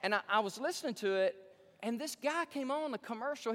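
A man's voice: extremely high pitch, a little fast. Emphatic male pastor preaching in a hall. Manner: emphatic, swings from hushed pleading to loud excitement. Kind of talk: sermon.

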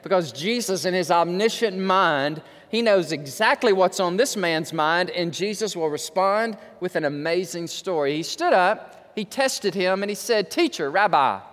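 A man's voice: sits high, animated, measured pace, few pauses, fairly bright tone, in a large hall. A male pastor preaching a sermon, telling a story in a dramatic, emphatic way.

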